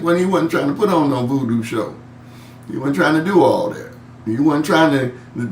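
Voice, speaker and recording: A man leads a Bible study in a relaxed, conversational way, chuckling as he goes and doubling back on his words. He reads a verse aloud and then talks it through. He is recorded from some way off in a reverberant church room, with a faint hum underneath. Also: mid-range voice. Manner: chuckles often and repeats words while searching for the point. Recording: echoey room, mic at a distance, faint hum.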